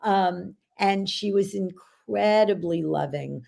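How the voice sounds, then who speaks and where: Woman guest on a podcast, low gravelly voice, mellow, animated storyteller. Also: takes it slowly. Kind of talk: casual podcast conversation.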